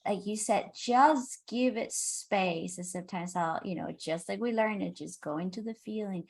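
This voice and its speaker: A woman, a counselor and former student, sharing her experience with enthusiasm and becoming animated when she quotes her clients. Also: mid-range voice, measured pace, gravelly, hardly any pauses. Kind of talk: conversational sharing.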